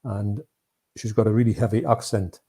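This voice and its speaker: A man with a gravelly, husky, dark-toned voice chats casually on a live stream about films. He rambles a little and reads out viewer comments as he goes. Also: on the low side, fairly even intonation, moderate pace. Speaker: co-host of a live movie chat.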